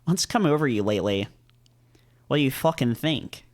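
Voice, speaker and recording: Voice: mid-range voice, lively intonation, moderate pace, a little mellow, close to an everyday voice. A reader putting on a brash mock-British goat-man. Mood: bitter. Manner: swaggering, profane.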